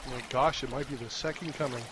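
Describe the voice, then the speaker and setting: A man's voice: medium pitch, fairly even intonation, quick pace, a bit bright. A man co-hosting a podcast in casual chat, dropping wry jokes from a little off-mic. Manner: wry joking interjections. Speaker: podcast co-host.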